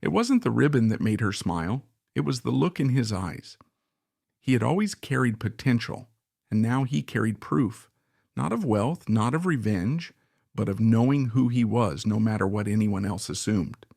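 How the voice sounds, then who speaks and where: A man reading scripted story narration in a steady, reflective way. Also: mid-range voice, normal speed, gravelly, no room sound, clean studio sound.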